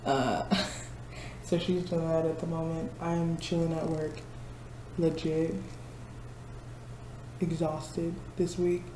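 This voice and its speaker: A woman's voice: low voice, level tone, slow pace, long pauses, dark tone, a little hiss or hum. A woman in her twenties from Missouri, chatting casually to camera from her office at work, laughing often and mimicking people. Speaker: vlogger. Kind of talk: casual chat. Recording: roomy office with faint ambience.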